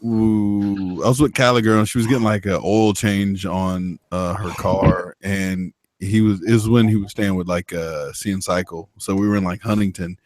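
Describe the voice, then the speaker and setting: Low-voiced man telling rambling stories. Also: steady tone, normal speed, hardly any pauses, a little mellow, no room sound. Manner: rambling, profane storyteller. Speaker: motovlogger. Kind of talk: casual chat.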